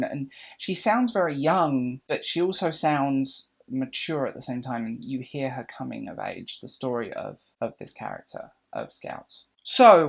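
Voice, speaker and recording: A British man talking casually to his camera, enthusiastic and a little rambling. He restarts sentences often and gushes as he goes, in an easy, unscripted chat. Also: mid-range voice. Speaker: book vlogger. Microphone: camera mic.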